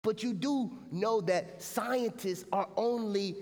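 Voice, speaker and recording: A man preaching a lively sermon as pastor, often turning to the congregation with a quick "right?". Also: high voice, big-room sound. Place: church sanctuary. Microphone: stage mic.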